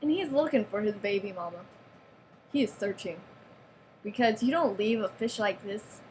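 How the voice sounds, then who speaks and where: A woman's voice: fairly high pitch, slight background noise. A woman giving a playful, mock-serious show-and-tell of a toy, with giggles and sarcastic asides. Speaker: vlogger showing off a toy.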